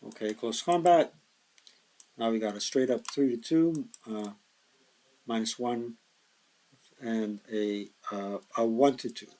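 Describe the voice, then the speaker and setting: A tired man thinking aloud in a slow mutter as he plays a board wargame solo, counting hexes and working out dice rolls. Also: mid-range voice, warm tone, rough recording. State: tired, yawning.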